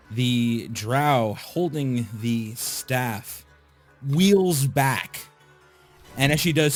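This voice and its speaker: A man narrating a tabletop game as game master, describing the scene slowly and addressing the players. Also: medium pitch. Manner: slow, descriptive narration with asides.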